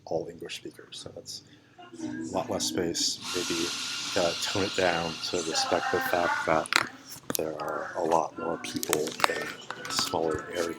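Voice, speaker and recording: A man with a plain General American accent gives a classroom English lesson, his voice sitting very low. He talks slowly and loosely, full of ums and restarts. Clear room noise runs behind him. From United States. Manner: relaxed and unhurried, with many ums and restarts. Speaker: English teacher. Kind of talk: classroom microlesson.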